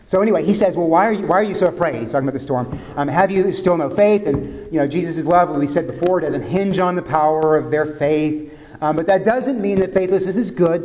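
Man preaching, higher-pitched voice, conversational and vivid, sudden soft drops, long hall reverb. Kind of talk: sermon.

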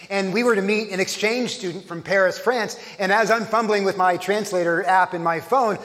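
Male pastor, high voice, conversational sermon delivery, long church-hall reverb. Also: fairly bright tone. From Texas. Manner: conversational preaching with frequent restarts.

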